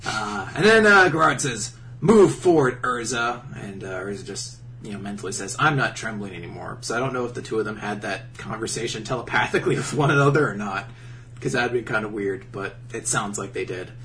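A podcast co-host with a lowish voice, talking a little fast, casually recaps an anime episode, swearing heavily and mocking the characters' lines in put-on voices. His manner is profane and animated, and the recording has a distant mic with slight hiss or hum.

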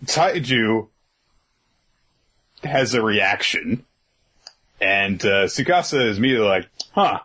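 A man's voice: lowish voice, expressive, slow, long pauses, bright, forceful tone. A man co-hosting a casual podcast, recapping comic chapters in a laid-back way with lots of fillers and the odd chuckle. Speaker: podcast co-host. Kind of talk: casual manga chapter discussion.

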